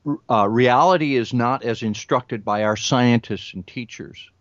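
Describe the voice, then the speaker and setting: A man's voice: mid-range voice, measured pace, dry recording. Older man, former news reporter, earnest conversational storyteller; dry, muffled recording. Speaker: television news reporter and remote viewer. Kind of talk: conversational interview talk. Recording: dull lo-fi audio, dry.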